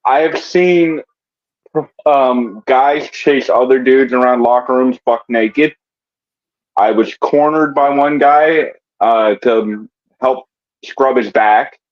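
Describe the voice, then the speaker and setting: A man from West Virginia chatting casually on a podcast, stumbling and restarting as he rambles through stories. His voice sits in an ordinary middle pitch. The audio sounds a little dull and lo-fi. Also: takes it slowly. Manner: rambling, stammering storyteller. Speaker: guest comedian and wrestler.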